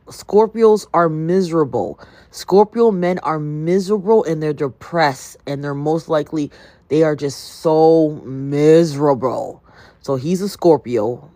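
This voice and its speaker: A woman's voice: low voice, unhurried, no room sound. Woman livestreamer, chatty storyteller, dry close sound. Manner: chatty, animated, greets viewers by name. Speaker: livestream host.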